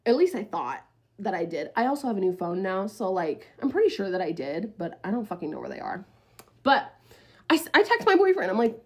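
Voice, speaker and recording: Animated, foul-mouthed young woman storyteller. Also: fairly high pitch, fast, husky. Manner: profane, animated, rambling. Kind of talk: casual storytime to camera.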